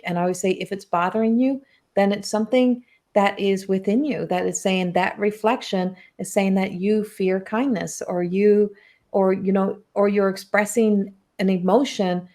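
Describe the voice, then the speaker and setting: A woman hosting a spiritual coaching podcast, telling stories in an animated, chatty way with lots of filler words. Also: mid-range voice. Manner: animated storytelling, heavy use of "like". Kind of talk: casual podcast conversation.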